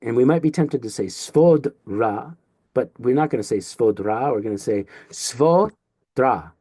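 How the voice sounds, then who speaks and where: A man's voice: mid-range voice, fast talker, mellow, slightly rough, dry recording, studio quality. A man teaching a recorded Greek lesson, explaining in a playful, jokey way and sounding out syllables as he goes.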